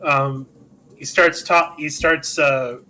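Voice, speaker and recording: Giggly comic co-host man, high voice, very bright tone. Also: steady tone, slow pace, low-quality recording. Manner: laughing, stumbling over words. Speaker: podcast co-host. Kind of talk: comedic movie recap chat.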